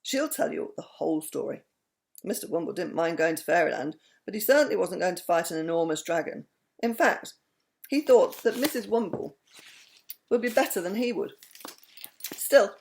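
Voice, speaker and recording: Low, gravelly woman reading a children's story. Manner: expressive, animated.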